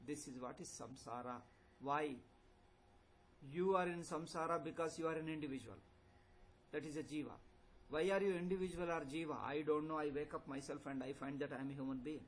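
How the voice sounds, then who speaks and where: A man's voice: fairly high pitch, slight background noise, low-quality recording. An older man teaching a spiritual lecture, emphatic and repetitive, asking rhetorical questions. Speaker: Vedanta teacher.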